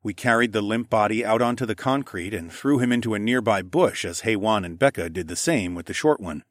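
A man giving steady, matter-of-fact first-person audiobook narration. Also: on the low side, a little fast, no echo, clean studio sound.

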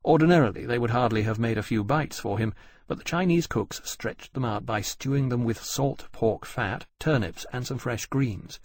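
A man narrating an audiobook in a measured, descriptive storytelling manner. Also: mid-range voice, darkish tone, breathy edge. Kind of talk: scripted narration.

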